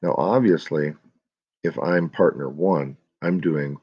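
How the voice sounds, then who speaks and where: A man's voice: rumbling low, takes it slowly, dark tone, husky, muffled recording. A man teaching a class, giving step-by-step instructions for a student project and speaking directly to his students.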